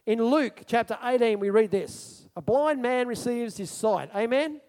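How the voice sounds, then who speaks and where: A male preacher giving a sermon in an animated storytelling manner, asking his congregation questions. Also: very high-pitched, measured pace, long reverb tail.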